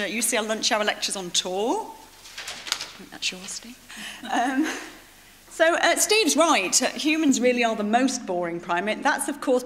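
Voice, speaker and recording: A woman's voice: on the high side, fairly bright tone, a little hiss or hum. A woman, a biology professor, opening a public lecture in a friendly, lightly joking way.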